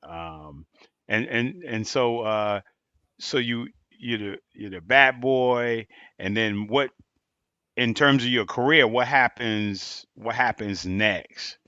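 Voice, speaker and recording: A man's voice: mid-range voice, takes it slowly, sharp tone, clear, resonant tone, no echo, dull audio. A man hosting a podcast, who laughs along with his guest and gives short, agreeing replies before he asks a question. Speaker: podcast host. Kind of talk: casual interview.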